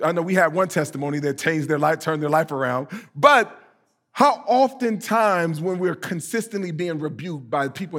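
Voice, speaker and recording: High-voiced preacher, casual and animated. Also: male voice. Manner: conversational, animated, rising to emphatic peaks on scripture; acts out quoted voices for comic effect. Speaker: pastor. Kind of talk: sermon.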